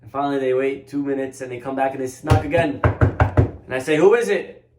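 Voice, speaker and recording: A man giving a storytelling religious lesson as a rabbi, animated and acting out the voices in his tale. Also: medium pitch, brisk, very noisy. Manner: animated storyteller, acts out quotes. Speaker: rabbi teacher. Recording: echoey room.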